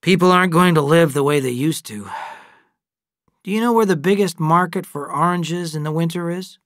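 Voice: mid-range voice, normal speed, fairly bright tone, no echo, clean studio sound, pitched above the performer's own voice, natural voice. A reader voicing a grown man who talks eagerly and persuasively.

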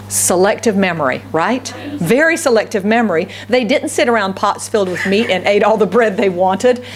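A woman's voice: mid-range voice, normal speed, a little hiss or hum. A woman pastor giving a conversational sermon, often asking the congregation questions. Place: church service.

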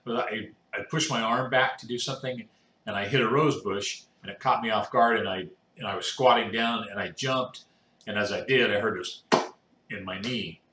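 A man's voice: lowish voice, moderate pace, bright, forceful tone, a little hiss or hum. A man chatting casually to his viewers. He rambles with many fillers, and he is exhausted and yawning. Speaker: video blogger with cancer. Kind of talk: casual chat to camera. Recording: roomy echo.

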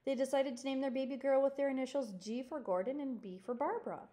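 A woman reading a children's chapter book aloud in a teacherly way, pausing to point things out to listeners. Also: high voice, mellow. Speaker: reader.

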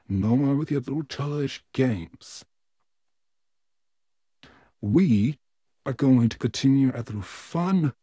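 A smug, menacing puppet villain, voiced by a man, in a fan-made audio role-play. His voice is dark and husky, with a slow, drawn-out delivery that swoops up and down theatrically. The recording is dry and close. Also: medium pitch, no echo, exaggerated voice. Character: evil male puppet neighbor, smug, menacing, easily flustered.

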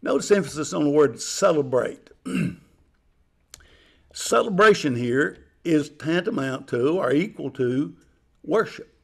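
Man, chapel sermon, measured, pausing, a bit high-pitched. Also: expressive, creaky. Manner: measured, explaining with pauses. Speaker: chapel speaker.

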